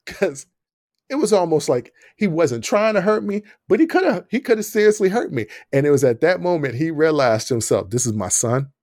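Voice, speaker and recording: Laughing often and voicing what people said, a young man hosts a podcast and relates a story in a relaxed, animated manner. His mid-range voice comes through in echo-free studio quality.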